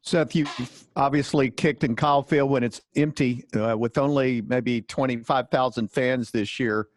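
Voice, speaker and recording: A man's voice: mid-range voice, fairly even intonation, measured pace, no echo, studio quality. A man, a sports reporter, asking curious, detailed questions.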